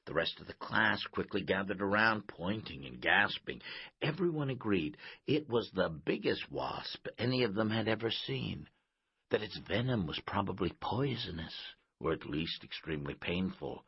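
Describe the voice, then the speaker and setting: Man, audiobook narrator, very deep, husky, lively pitch, slow. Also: no room sound, dull audio. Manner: measured, expressive.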